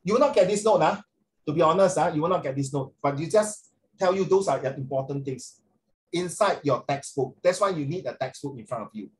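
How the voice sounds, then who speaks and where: A middle-aged man with a Singaporean accent, tutoring a class online, animated and calling on students by name. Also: on the high side, brisk. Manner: animated, code-switching, questions students by name.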